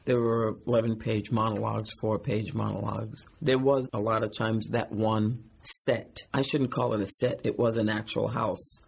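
Gravelly, husky man. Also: lowish voice, level tone. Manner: measured, thoughtful. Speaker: actor being interviewed. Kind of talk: interview answers.

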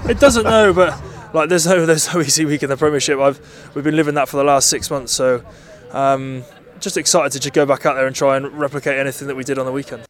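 A man's voice: medium pitch, fairly even intonation. A man rugby player giving a casual post-match interview. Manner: fast, casual, lots of "like".

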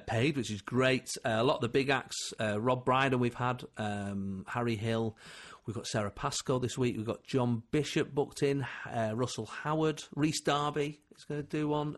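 A comedian guest in casual chat, an animated storyteller who laughs often. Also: male voice, medium pitch, normal speed.

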